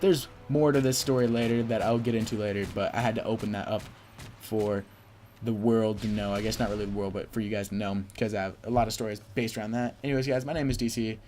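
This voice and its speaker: Young man, low voice, rambling confessional vlog story. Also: fairly even intonation, fast talker, darkish tone, slight background noise. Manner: rambling, quotes people with "I'm just like". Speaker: vlogger. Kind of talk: casual storytelling.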